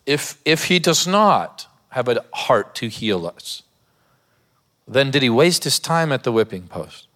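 A man's voice: mid-range voice, very animated, a little slow, sharp tone. A man, a pastor, preaching a sermon in a church, mixing scripture with a humorous personal story and laughing often.

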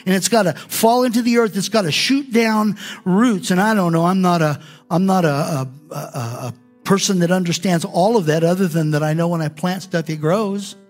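A man preaching a sermon as pastor, animated and acting out quoted prayers in different voices. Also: high-pitched, moderate pace, soft background music.

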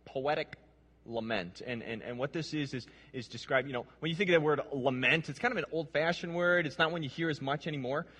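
A man's voice: fairly high pitch, a little fast, fairly bright tone, long reverb tail. A man preaching a sermon, reading scripture aloud and putting questions to his listeners, often repeating words as he goes. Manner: earnest, repeats words, asks the audience questions.

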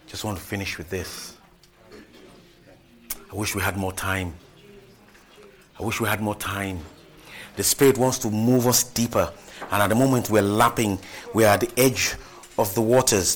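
A man preaching a sermon, emphatic, repeating phrases and calling out hallelujah. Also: on the low side.

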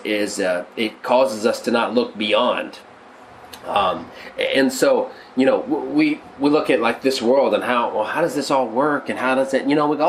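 A male pastor teaching on a devotional podcast, conversational with many restarts, swinging into excited, animated exclamations. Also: medium pitch, slight background noise, low-quality recording.

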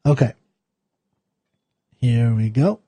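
Homem de voz escura e rouca. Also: male voice, medium pitch, dark tone, dry recording. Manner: halting, many fillers and restarts. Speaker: poetry show host. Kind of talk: casual talk then slow poetry reading.

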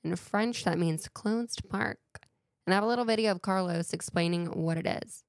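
A woman's voice: medium pitch, normal speed, gravelly, no echo, clean studio sound. A woman hosting a casual solo talk show with a playful, chatty way of wandering into tangents. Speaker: podcast host.

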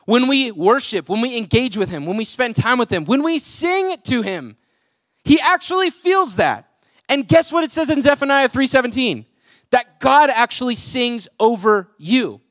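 High-voiced young male pastor, chatty. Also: animated, normal speed, fairly bright tone, no room sound, studio quality. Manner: chatty, jokey, full of "like" fillers. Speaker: pastor and worship leader. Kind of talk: casual conversational sermon. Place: church auditorium with a congregation.

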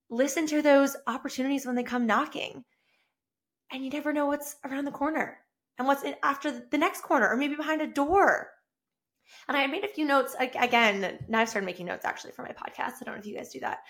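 A woman's voice: sits high, a little fast. A woman hosting her own solo podcast, talking in an effusive, upbeat way that rambles with restarts. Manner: effusive and upbeat, gushing with excitement. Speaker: podcast host. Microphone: own camera and mic.

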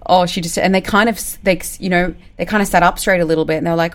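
A woman, a business coach giving casual advice, direct and animated, acting out the lines she quotes. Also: fairly low pitch, fast, hardly any pauses. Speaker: business coach and recruitment firm owner.

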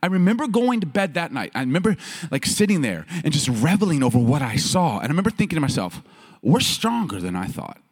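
Animated man preaching a story sermon. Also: fairly high pitch, fast, breathy edge. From Chicago and Baltimore. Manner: animated, laughing often, rising to loud bursts. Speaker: pastor.

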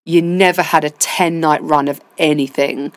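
Woman guest, low register, dry close sound, chatty storyteller acting out quotes. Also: moderate pace, no room sound. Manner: animated storytelling with quoted asides. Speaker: deputy head of school, interview guest. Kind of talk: casual interview chat.

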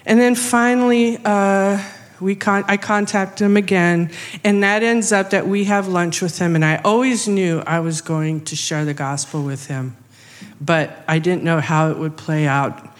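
Slow-storytelling woman in a reverberant hall. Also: lowish voice. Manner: animated, acts out quoted speech. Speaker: missionary sharing a testimony. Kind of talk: storytelling testimony. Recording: long reverb of a large hall.

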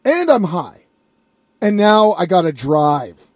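A man's voice: high voice, big pitch swings, slow, no echo, clean studio sound. A man telling a rambling, profane story in a casual vlog.

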